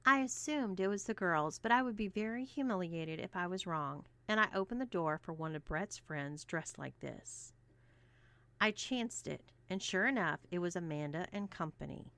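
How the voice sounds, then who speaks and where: A woman narrating a first-person story in an even, steady reading voice. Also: fairly low pitch, moderate pace, dry recording.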